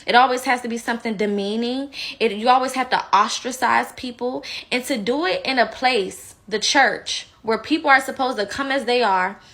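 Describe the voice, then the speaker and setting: Woman ranting on a commentary vlog, bright forceful voice, kinda high, blunt and fired up. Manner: heated, indignant, blunt; slips into mocking impressions. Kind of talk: opinion commentary.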